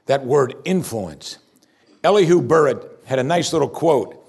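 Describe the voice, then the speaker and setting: Husky-voiced male pastor preaching with emphasis. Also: medium pitch, expressive, unhurried. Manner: emphatic, rising to loud repeated exclamations. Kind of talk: sermon.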